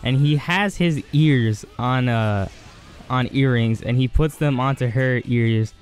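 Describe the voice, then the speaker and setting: An enthusiastic man rambles through an anime episode recap, stacking fillers as he goes. His voice sits at an ordinary middle pitch. Soft music plays faintly in the background. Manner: rambling and excited, heavy on fillers. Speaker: anime reviewer.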